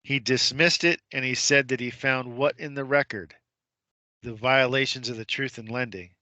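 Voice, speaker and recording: A man tells a story on a radio show, with a bright, forward tone and a middle pitch. He acts out the voices of the people in the story, asks rhetorical questions and repeats his points for emphasis. The sound is close and dry. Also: moderate pace, no echo. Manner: retells courtroom scenes, imitating the judge's voice. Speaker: guest.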